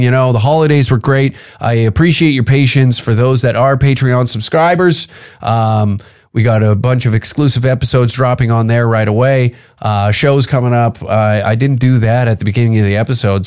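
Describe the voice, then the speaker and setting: A man from Canada, a comedian hosting his own podcast, ranting profanely and heatedly on his own. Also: medium pitch. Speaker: podcast host and stand-up comic. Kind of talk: solo podcast rant.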